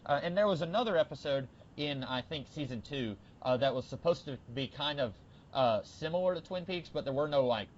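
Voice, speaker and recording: A man co-hosting a podcast, chatting casually about a TV episode with lots of fillers and bursts of excitement. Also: on the high side, a little fast, lo-fi sound, slight background noise. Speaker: podcast co-host. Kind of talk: casual TV discussion.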